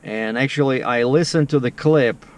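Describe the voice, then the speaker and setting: A man's voice: medium pitch, normal speed. A man vlogging casually outdoors, telling a story to the camera in a chatty, filler-heavy way. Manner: chatty, filler-heavy, acts out the other people's lines in dialogue.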